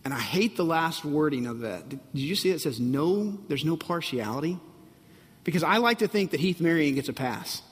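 A man's voice: fairly high pitch, lively intonation, fairly quick, breathy edge, big-room sound. A man preaching a sermon, emphatic and repetitive, often asking the congregation if they are ready. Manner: emphatic, repeats phrases, asks the audience if they're ready. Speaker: pastor.

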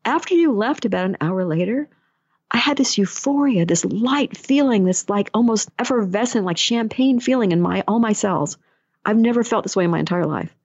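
A woman's voice: mid-range voice, animated, moderate pace, a little mellow, husky. A woman talks in a casual monologue, a chatty storyteller who slips into the voices of the people she quotes. The sound is dull and lo-fi, with no room echo at all. She speaks as an energy healer and life coach.

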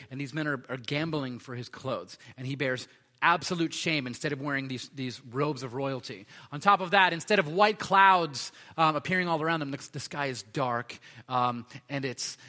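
A man's voice: fairly high pitch, pushed and bright, long reverb tail. A man preaching a sermon in a conversational way, with frequent fillers and restarts.

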